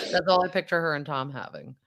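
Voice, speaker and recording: A woman in her thirties hosting a casual chat, animated, laughing often and jumping into high-pitched impressions. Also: vocal fry. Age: 30s. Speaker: podcast host.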